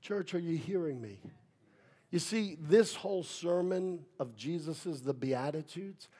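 A man preaching a sermon as pastor, with playful asides, building from quiet talk to shouted preaching. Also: fairly high pitch, lively intonation, a little slow, breathy edge.

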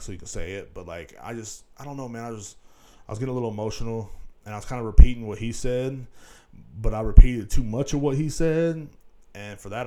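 Guy rambling on his podcast, low mellow voice, swears a lot. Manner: rambling and profane, full of "you know what I'm saying". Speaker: podcast host. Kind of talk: casual solo podcast monologue.

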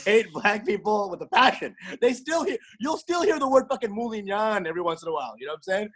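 A male comedian from Texas in casual chat, brash and profane, talking in fast bursts. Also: sits high, very animated, fairly bright tone, a little hiss or hum. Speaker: comedian, guest.

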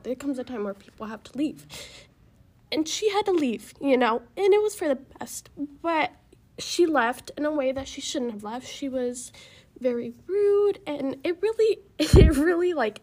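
A young woman telling a personal story in a casual chat, emotional and halting, with many fillers. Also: high-pitched, a little mellow. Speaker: guest.

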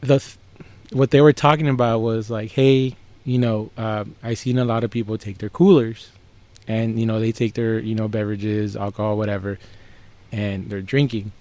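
A man's voice: fairly low pitch, level tone, normal speed, darkish tone, no room sound. A man co-hosting a podcast from San Antonio, chatting casually and teasing his partner. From San Antonio, Texas. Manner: easygoing, teasing. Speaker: podcast co-host.

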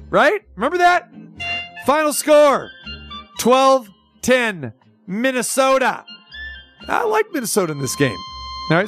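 A man hosting a sports talk radio show, telling stories in an animated, excitable way with stammered restarts. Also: high-pitched.

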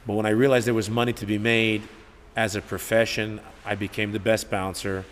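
A man, a gym owner and coach telling stories in a casual, profane, animated interview, acting out what people said. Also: fairly low pitch, fairly quick. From Newark, New Jersey. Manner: profane, animated storyteller who acts out quotes. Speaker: gym owner and head coach, podcast guest. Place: martial arts gym. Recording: reverberant room with faint background noise.

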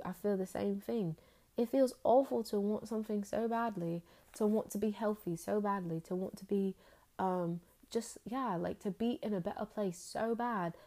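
A woman's voice: medium pitch, a little mellow. A young woman talking earnestly in a casual faith vlog, rambling and full of fillers.

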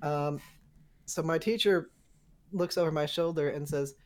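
A young woman casually telling a story to friends, animated and swearing, acting out the quotes. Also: sits low, normal speed.

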